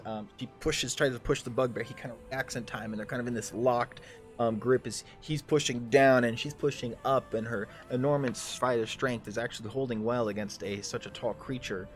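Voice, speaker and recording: A man's voice: mid-range voice, fairly even intonation, moderate pace, soft background music. A man narrating a tabletop game as game master in a loose, rambling way, full of ums and restarts.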